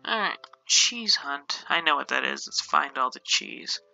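A woman's voice: low voice, sing-song, unhurried, vocal fry, bright, forceful tone, muffled recording, faint music behind. A woman giving casual gameplay commentary, swearing often, exasperated and laughing at herself. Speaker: gameplay streamer.

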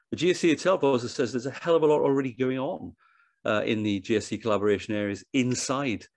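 A man speaking at a conference with a fairly low voice, working through his slides. He thinks aloud, restarts phrases and repeats words as he goes. The sound is dry and close, with almost no room echo. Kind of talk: presentation talk. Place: online event.

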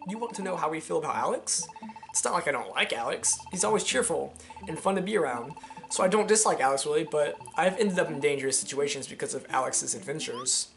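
A man voicing a gentle, thoughtful young classmate, reading game dialogue aloud in an earnest way over game music. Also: a little high, creaky.

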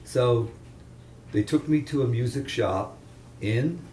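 A man's voice: medium pitch, slow, a little mellow, slight background noise. An older man from the Chester, Pennsylvania area, telling rambling anecdotes as a veteran guitarist in a casual interview. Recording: roomy room, distant mic, faint ambience.

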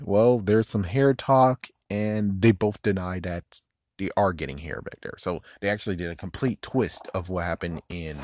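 A man's voice: fairly low pitch, no echo, studio quality. Rambling man recapping a show. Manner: rambling, animated, laughs often, mimics characters in raised voice. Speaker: video commentator. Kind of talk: casual recap commentary.

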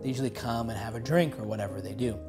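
A male pastor telling a story in a sermon, halting often with fillers and restarts. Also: medium pitch, over music.

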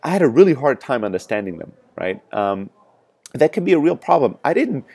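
A man's voice: medium pitch, sing-song, a little fast, a little mellow, husky. A man with a strong European accent, a sales startup founder, giving emphatic, frank advice straight to camera with frequent "right?" asides. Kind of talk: motivational talk to camera.

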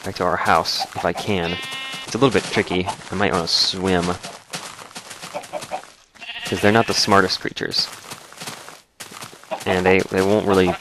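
Deep-voiced man with a dry throat. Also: noisy background. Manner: rambling, relaxed, narrates as he plays. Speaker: let's play host. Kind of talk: casual gaming commentary.

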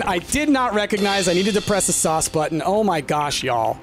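A man narrating his own game playthrough in a let's-play style. He is excitable and self-deprecating, talks straight to his viewers and often breaks into frustrated yelps. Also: sits high, normal speed, hardly any pauses. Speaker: gaming commentator. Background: game music.

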